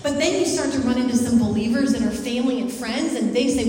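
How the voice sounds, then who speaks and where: High-voiced woman preaching in an echoey hall. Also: brisk, slight background noise. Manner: animated, conversational, asks the audience questions. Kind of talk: sermon. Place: church hall with a live congregation. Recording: echoey hall, mic far off.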